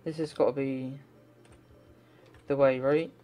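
A man's voice: mid-range voice, level tone, takes it slowly, dark tone, slight background noise. A man doing game commentary, talking to himself and swearing in frustration as he plays. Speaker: let's play gamer.

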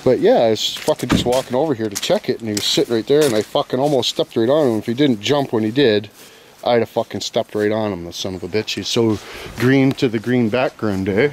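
A man's voice: mid-range voice, brisk, a little hiss or hum. A man, vlogging outdoors by a store, swearing constantly, teasing his friends and laughing a lot. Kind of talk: rowdy casual banter.

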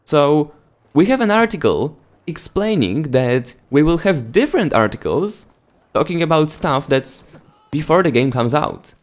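Male gaming youtuber, Polish accent, lively sarcastic delivery, mid-pitched voice. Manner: sarcastic and exasperated. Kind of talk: casual commentary vlog.

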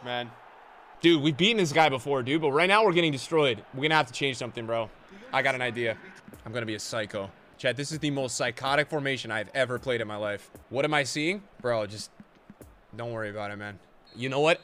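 Bright-voiced young male streamer. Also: mid-range voice, a little hiss or hum. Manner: excitable, swings from mumbling to shouting, heavy slang. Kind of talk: live gameplay commentary.

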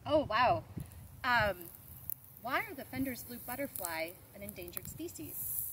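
Eager female kids' host, bouncy bright voice, outdoor field interview. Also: fairly high pitch, very animated, a little slow, slight background noise. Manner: eager, curious questioning.

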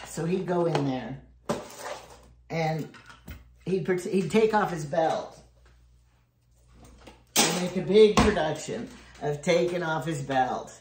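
In an echoey room with a little background noise, an older woman, a home cook vlogger, bakes and chats casually. Her voice sits low and she takes her time, pausing often as she tells rambling family stories and chuckles frequently.

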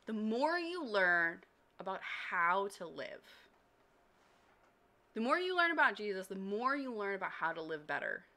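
A woman's voice: medium pitch, bright, forceful tone. A woman hosting a devotional livestream, talking while walking, emotional and gushing as she reads chat aloud. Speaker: Christian community host.

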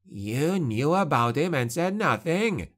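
A man's voice: a little high, sing-song, slow pace, voice pushed up, full character voice. A man voicing a bitter, fearful male necromancer in an audiobook, speaking sharply. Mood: testy. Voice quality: sharp, snapping.

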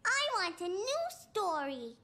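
A woman's voice: very animated, slow, sharp tone, heavily acted. A woman voicing a four-year-old cartoon boy, eager and playful, sometimes sulky. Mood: pleading. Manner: high piping child voice, eager and whiny at times. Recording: children's music under the voice.

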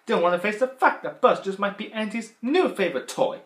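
Cartoon toy potato, gruff and jeering, swoops up high, loud, Yorkshire man putting it on, echoey room. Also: lively intonation, brisk. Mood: taunting. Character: gruff wisecracking male toy potato, insulting.

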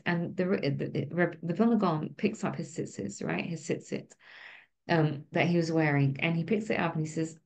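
A woman giving a relaxed Torah lesson to a small group. She talks in a chatty, conversational way, tossing in "right?" to check in with her listeners. Her voice sits at an ordinary middle pitch. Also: highs cut off. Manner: conversational, keeps asking "right?". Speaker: Torah teacher. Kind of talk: informal class talk.

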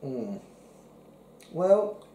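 Mellow-voiced man chatting over beer. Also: a little high, very animated, reverberant, poor audio. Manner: reads labels haltingly, stumbling over words. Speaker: podcast co-host. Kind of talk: casual beer tasting chat.

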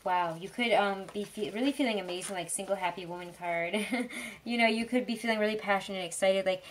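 A woman giving a casual tarot reading, chatty and rambling, with frequent fillers and soft laughs. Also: mid-range voice, quick pace, slight background noise. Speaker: tarot reader.

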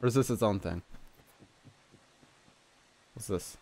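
A man's voice: lowish voice, slow pace, darkish tone. A young man casually commentating a role-playing game as he plays, swearing often and laughing and exclaiming at surprises. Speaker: let's play gamer.

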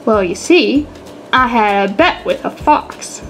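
A woman's voice: a little high, animated, slow pace, fairly bright tone, slight background noise, rough recording. A woman voicing a polite male house cat who speaks in rhymes.

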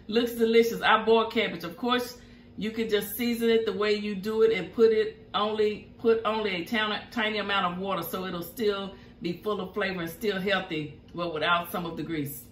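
An older woman with a drawl reads viewer comments one after another and answers each in a folksy, chatty way. Her voice is bright and carries well. The sound bounces around a home kitchen, with faint noise underneath. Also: medium pitch, reverberant. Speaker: cooking show host. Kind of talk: reading viewer comments aloud.

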